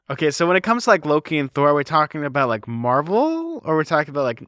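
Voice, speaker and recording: A man's voice: fairly high pitch, sing-song, fast, a bit bright, dry recording. Man, podcast co-host, casual chat, filler-heavy, dry close mic. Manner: filler-heavy, chatty with lots of "like".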